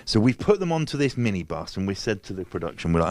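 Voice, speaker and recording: A man's voice: on the low side, big pitch swings, fast talker, hardly any pauses, a little mellow, no room sound. A man telling a story in casual chat. He swears freely and acts out other people's lines. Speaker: guest.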